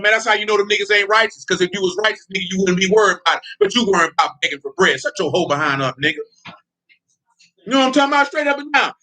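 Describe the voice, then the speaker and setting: A man's voice: sits high, sharp tone. A male preacher giving a fiery sermon in blunt, confrontational street talk, prodding listeners with repeated questions and laughing between points. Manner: blunt, confrontational, repeats "you know what I'm talking about".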